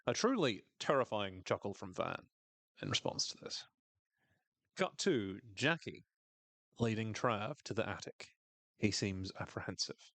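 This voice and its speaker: Wry male podcast co-host, lowish voice, dry close sound. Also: very animated, unhurried, gravelly, long pauses, fairly bright tone, no echo. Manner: dry, wry humor, reads quotes in a voice. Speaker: podcast co-host recapping a TV episode. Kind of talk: casual podcast recap.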